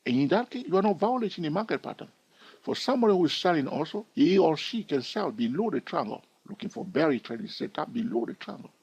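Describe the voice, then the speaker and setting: A man's voice: a little high, sing-song, fast, vocal fry, a little mellow, breathy edge, dry recording, highs cut off. A man teaching trading over a chart, explaining step by step and often checking in with "all right?". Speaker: trading educator.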